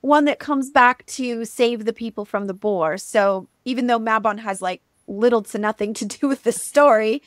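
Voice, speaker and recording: A woman co-hosting a podcast, casually retelling a myth in a chatty, animated way, with frequent ums and likes. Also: a little high, normal speed, few pauses, no echo, clean studio sound. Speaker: podcast co-host. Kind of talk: casual storytelling chat.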